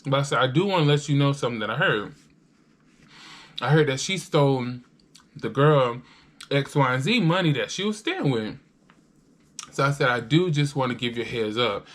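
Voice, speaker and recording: A young adult woman vlogger telling a casual storytime while eating. She is animated, acts out the voices she quotes and swears freely. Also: extremely low pitch, moderate pace, long pauses.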